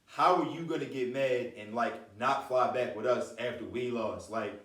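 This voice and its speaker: A man's voice: mid-range voice, normal speed, a bit bright. A man co-hosting a casual sports talk show, emphatic and slangy. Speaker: podcast co-host. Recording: echoey room, mic at a distance.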